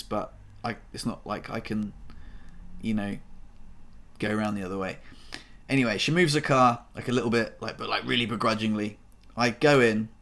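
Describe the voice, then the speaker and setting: A man tells a personal story to the camera in a loose, rambling way, packed with fillers and swearing. His voice sits at an ordinary middle pitch and climbs when he grows upset. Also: lively intonation, moderate pace, a bit bright. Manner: emotional, voice rising when upset. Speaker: vlogger.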